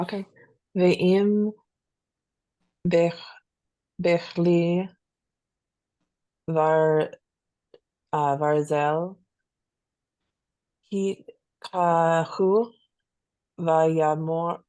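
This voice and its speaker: A woman student reading aloud in an online class, careful and halting, correcting herself as she goes. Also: fairly low pitch, steady tone, mellow, no echo, rough recording. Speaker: student reader. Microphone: video call.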